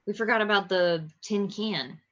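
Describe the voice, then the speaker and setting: A woman playing a tabletop game, excitable and swearing freely. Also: mid-range voice, normal speed, slight background noise. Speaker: player. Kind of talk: casual tabletop play. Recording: dull lo-fi mic.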